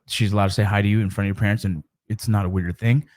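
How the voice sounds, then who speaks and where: A man's voice: fairly low pitch, fairly even intonation, very fast, a little mellow. A middle-aged man and father talking casually to camera about mentoring, in a rambling, conversational way with frequent restarts.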